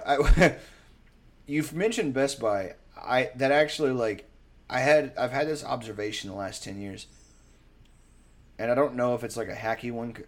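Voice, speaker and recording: A young man in casual chat, rambling and profane, telling animated stories. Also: mid-range voice.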